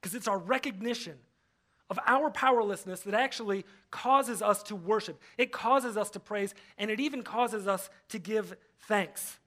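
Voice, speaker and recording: A man's voice: sits high, normal speed, a bit bright. A man pastor giving a casual, conversational sermon, often acting out the voices he quotes. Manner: conversational, acts out quoted voices, frequent fillers. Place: church.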